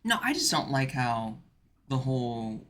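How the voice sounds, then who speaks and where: A man's voice: mid-range voice, very animated, unhurried, a bit bright, slight background noise. A man streaming, chatting casually in a rambling way with many fillers and restarts. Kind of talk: casual chat.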